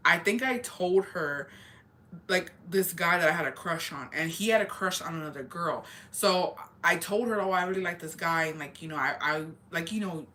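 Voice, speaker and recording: A woman's voice: fairly low pitch, normal speed, sharp tone. A young woman telling a casual storytime confession, rambling and swearing, with lots of fillers, often laughing at herself. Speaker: vlogger.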